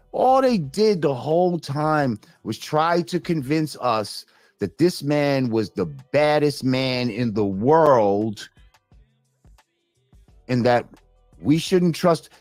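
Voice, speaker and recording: A man hosting a live stream, reading viewer comments and ranting with heavy profanity, jumping between loud outbursts and low mutters. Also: no room sound. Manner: animated, swings between loud rants and mutters. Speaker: livestream host reading chat.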